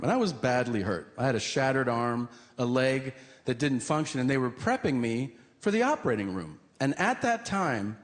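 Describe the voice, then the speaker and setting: A man performing a stand-up comedy set on stage, telling profane stories and acting out the dialogue. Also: mid-range voice. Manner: conversational, profane storytelling with acted-out dialogue. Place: comedy stage before a live audience. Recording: live stand-up with loud crowd and room noise. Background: loud audience laughter.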